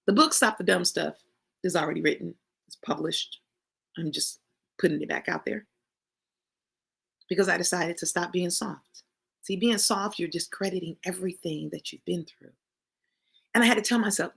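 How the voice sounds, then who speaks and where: A woman's voice: on the low side, moderate pace, creaky, long pauses, a bit bright, slightly rough. A woman giving an emphatic, preachy motivational talk who calls her listeners y'all and honey. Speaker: motivational speaker.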